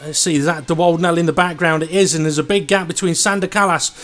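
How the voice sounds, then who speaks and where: A man doing live race commentary, who gets excited during close battles. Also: fairly high pitch, quick pace, faint music behind. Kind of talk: live sim racing commentary.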